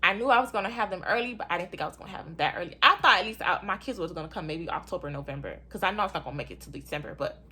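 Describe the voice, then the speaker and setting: A young woman casually telling her own story to her viewers, animated, often calling them y'all and acting out what people said in a high voice. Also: racing, few pauses, slightly rough.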